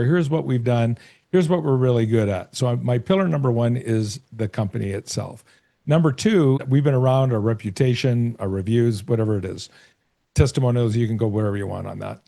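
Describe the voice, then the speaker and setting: A middle-aged man, a sales coach being interviewed, explaining ideas through lively analogies and acted-out bits of dialogue. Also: medium pitch, vocal fry. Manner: storytelling, acts out short dialogues and analogies. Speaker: sales coach and author, guest. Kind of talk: conversational interview.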